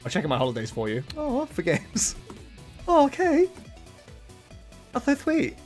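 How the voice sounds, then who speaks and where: A man's voice: very high-pitched, huge pitch swings, normal speed, a little mellow. A man live-streaming a card game, chatting casually, joking about himself and laughing often. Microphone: desk microphone, webcam. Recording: music playing faintly behind.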